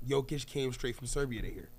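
A man's voice: medium pitch, a little fast, darkish tone, slightly rough. A man from co-hosting a sports podcast, telling stories in an emphatic, casual way. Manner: emphatic, storytelling. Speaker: podcast co-host.

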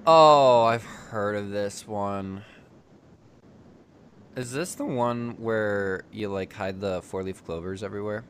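A man hosting a podcast over a video call, joking and teasing his co-host in easy casual chat. His voice sits a little low. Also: takes it slowly, slight background noise.

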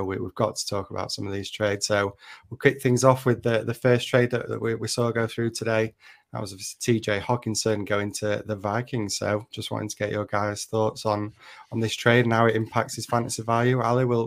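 Give me a laid-back man as podcast host, speaking in a low, flat voice. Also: gravelly. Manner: relaxed, chatty, with frequent restarts and laughs. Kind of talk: casual podcast chat.

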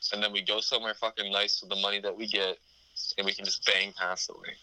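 A man's voice: lowish voice, little pitch movement, bright, forceful tone, poor audio. A man co-hosting a podcast, chatting crudely and joking with lots of profanity. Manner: profane, joking, riffs with quick laughs. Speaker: podcast co-host. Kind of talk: crude casual chat.

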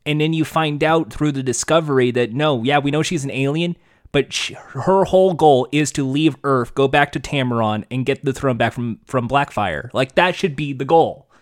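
A man's voice: medium pitch, normal speed. A man co-hosting a casual podcast chat, ranting animatedly and swearing freely. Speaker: podcast co-host.

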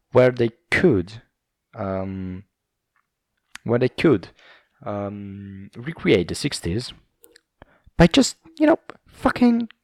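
A man rants on his own podcast in a casual, swearing, rambling way, mocking himself as he goes. His voice is fairly low and gravelly with fry, and his pitch swings widely. The sound is close and dry. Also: a little mellow, no echo. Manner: profane, rambling, self-mocking. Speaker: podcast host.

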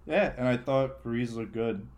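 A man co-hosting a casual sports chat, relaxed and hesitant, often trailing off mid-thought. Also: mid-range voice, measured pace. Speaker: co-host.

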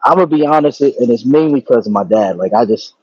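A man co-hosting a podcast, talking in a relaxed, slangy way about family. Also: mid-range voice, quick pace, no room sound, highs cut off. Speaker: podcast co-host. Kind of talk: casual family chat.

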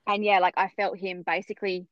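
A woman's voice: mid-range voice, a little fast, no room sound. Chatty woman telling a story. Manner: chatty, animated, acts out others' voices. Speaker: podcast guest telling her birth story. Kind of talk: casual storytelling. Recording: dull, muffled sound.

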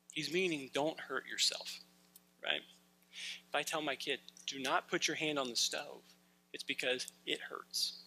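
A middle-aged male pastor giving an animated sermon to a congregation, sometimes shouting as he acts out scenes. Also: on the high side, low-quality recording.

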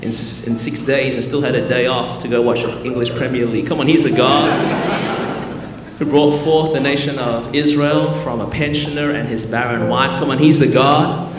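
A man preaching a lively, humorous sermon, joking with the crowd and building to loud call-and-response. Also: mid-range voice, moderate pace. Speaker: pastor. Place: large church hall. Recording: echoey hall with keyboard music.

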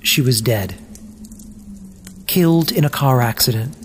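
A narrator reads a children's story aloud at an unhurried pace. The delivery is gentle and deliberate, with mournful pauses between phrases. A faint hiss runs underneath. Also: mid-range voice, expressive.

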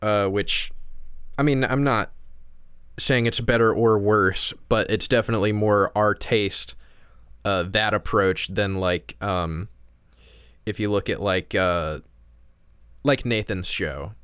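A laid-back podcast co-host chatting casually and rambling along with plenty of restarts. His voice is a little low and smooth. The sound is dry and close, with no room around it. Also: slow, long pauses, a bit bright, dry recording. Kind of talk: casual chat. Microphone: remote call.

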